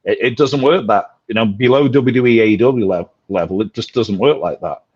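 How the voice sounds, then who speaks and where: A man's voice: fairly low pitch, a little fast, slightly rough, dull audio. A man with a mixed British-American accent, chatting on a podcast in a rambling, blunt way, full of restarts and swearing. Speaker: podcast panelist. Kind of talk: casual podcast chat.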